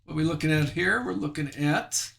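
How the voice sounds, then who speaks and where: Guy running a live card break, kinda high voice, bright, just chatting and calling out cards. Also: brisk, gravelly. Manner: chatty, self-deprecating, reads out cards as he opens packs.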